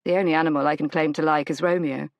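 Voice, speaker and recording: A woman voicing a reclusive male duke who speaks in a quiet, clipped, formal way. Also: low voice, fairly even intonation, rapid-fire, vocal fry, dry recording, muffled recording, voice pushed down. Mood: reserved.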